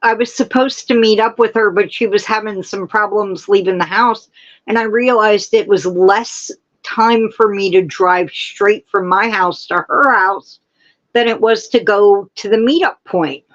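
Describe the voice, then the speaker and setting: A woman hosting a casual livestream, chatting and gushing with excitement. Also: medium pitch, a little slow, highs cut off. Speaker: livestream host. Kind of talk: casual chat.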